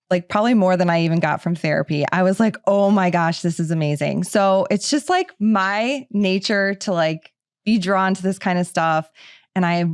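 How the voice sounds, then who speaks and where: A woman's voice: lowish voice, dry recording. Middle-aged woman, podcast host, chatty and casual, lots of fillers, dry close sound. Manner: chatty, filler-heavy with frequent "like".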